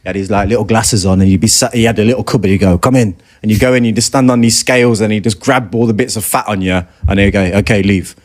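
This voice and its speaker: A man, a former footballer turned pundit, telling a funny story in relaxed, conversational podcast talk, laughing and full of fillers. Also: lowish voice, quick pace, few pauses. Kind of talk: casual anecdote on a podcast.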